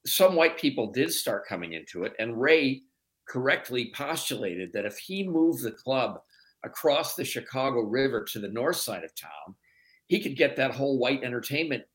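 Man explaining at steady length. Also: mid-range voice, rough recording. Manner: measured, storytelling explanations. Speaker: documentary producer guest. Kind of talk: radio interview answer.

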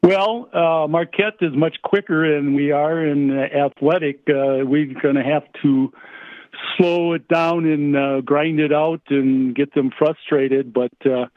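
An older man calls in over a thin, tinny phone line and talks in a fairly high, dry voice. He speaks haltingly and stops often on fillers and restarts as he answers a radio host. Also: steady tone, no room sound. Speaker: guest, former college basketball player.

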